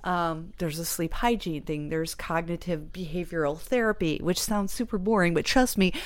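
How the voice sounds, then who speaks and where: A woman chatting as a guest about the stage show she created, rambling and animated. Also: on the low side, normal speed. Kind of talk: casual interview chat.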